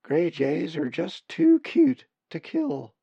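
A man doing a witty, high female raven. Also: huge pitch swings, slow pace, vocal fry, slightly rough, dry recording, highs cut off, exaggerated voice. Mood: teasing.

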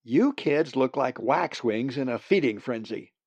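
A man voicing a steady older female raven who scolds briskly and leads the young ones. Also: medium pitch, dry recording. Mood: scolding. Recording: dull, slightly muffled sound.

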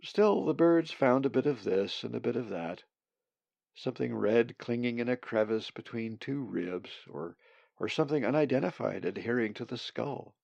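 A man narrating a story in a calm, measured way. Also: mid-range voice, gravelly, no room sound, highs cut off. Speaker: audiobook narrator. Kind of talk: scripted narration.

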